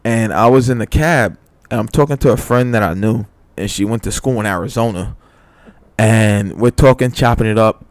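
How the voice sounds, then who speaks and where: Gravelly New man telling stories. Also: on the low side, darkish tone, dry recording. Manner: loose, profane storyteller who acts out dialogue. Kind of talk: casual storytelling chat.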